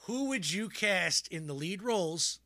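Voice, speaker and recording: Casting note: man, podcast co-host, bright, fairly high voice, rambly and laughing, dry close sound. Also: expressive, unhurried, no room sound. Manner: rambling, laughs often, many fillers and restarts. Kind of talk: casual chat.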